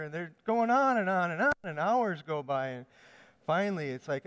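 Male preacher, slightly high, resonant voice, casual storytelling sermon in a reverberant hall. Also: normal speed, smooth. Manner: conversational storytelling with hesitations.

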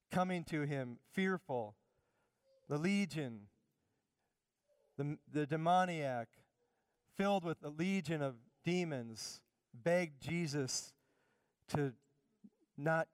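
A middle-aged male pastor preaching a sermon with fervent emphasis, easing into quiet personal asides. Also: on the high side, smooth, no echo, in a large hall.

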